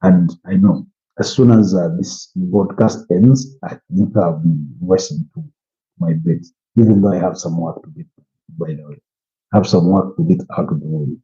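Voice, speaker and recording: A man's voice: deep voice, lively intonation, normal speed, creaky, warm tone. A tired, yawning man from Uganda hosting a football watch-along, rambling with lots of "you know" fillers. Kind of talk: casual live commentary and opinion. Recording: muffled lo-fi stream audio.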